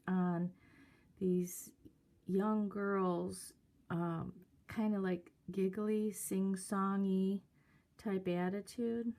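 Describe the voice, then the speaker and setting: Slow, mellow woman telling a story. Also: medium pitch. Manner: hesitant, many fillers. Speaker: vlogger. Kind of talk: casual storytelling.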